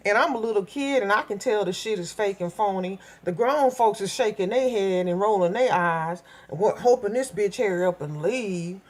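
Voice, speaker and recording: A middle-aged woman from Minnesota telling a story in a blunt, profane, animated vlog rant. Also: medium pitch, normal speed, few pauses. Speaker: vlogger.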